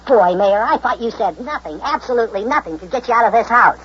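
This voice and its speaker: An actor voicing a cheerful, curious young boy sidekick in a children's radio drama, eager and gently teasing. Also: mid-range voice, animated, fast talker, breathy edge. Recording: dull old radio recording, faint hiss.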